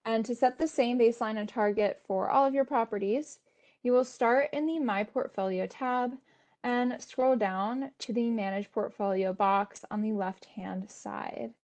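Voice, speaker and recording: A woman presenting an instructional webinar, explaining steps in a steady tone with frequent "um" and "uh" fillers. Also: fairly high pitch, a little slow.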